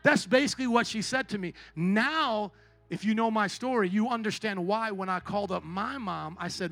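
A man preaching a sermon at a church service, swinging between quiet storytelling and shouted exhortation. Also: sits high, normal speed. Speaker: pastor.

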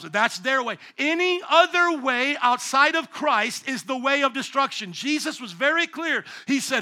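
A man preaching a sermon as pastor, emphatic, dropping to hushed tones and rising to loud calls to the congregation. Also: very high voice, moderate pace, hardly any pauses. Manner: call-and-response with congregation.

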